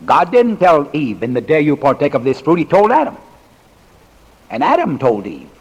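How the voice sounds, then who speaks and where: Older male pastor, sixties, folksy sermon delivery with jokes and pauses, husky, long reverb. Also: fairly high pitch, wildly swooping pitch. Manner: folksy humorous preaching with dramatic pauses. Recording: reverberant hall recording.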